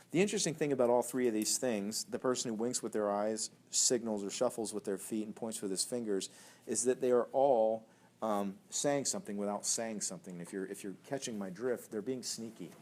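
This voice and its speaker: A man preaching as a young adults pastor, telling stories in a chatty, animated way with laughter. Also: on the low side. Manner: conversational, animated storytelling with laughs and acted voices. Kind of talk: sermon teaching.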